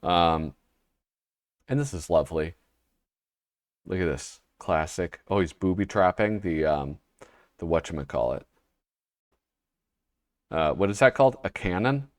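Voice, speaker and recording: A man's voice: low voice, animated, unhurried, pauses often, no echo, clean studio sound. A man hosting a casual show, flipping through an old humor magazine and reading the panels aloud with a wry, rambling manner. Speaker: host.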